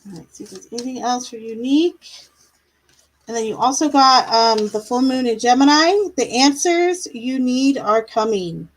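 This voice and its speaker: A woman's voice: on the high side, expressive, moderate pace, slight background noise, rough recording. A woman doing tarot readings on a live stream, chatty, laughing now and then, drawing out her words. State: yawning, a bit tired. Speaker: tarot reader.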